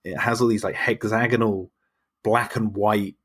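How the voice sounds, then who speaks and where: Casting: husky, lower-pitched man, enthusiastic film obsessive, rambling chat. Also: fairly even intonation, normal speed, fairly bright tone. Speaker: podcast guest. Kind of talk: casual chat.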